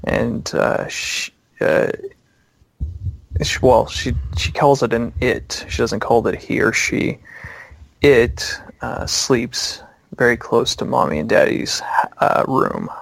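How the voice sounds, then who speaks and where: A young man narrating scenes slowly as game master of a tabletop game. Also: medium pitch, gravelly, no echo. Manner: slow, descriptive, with fillers.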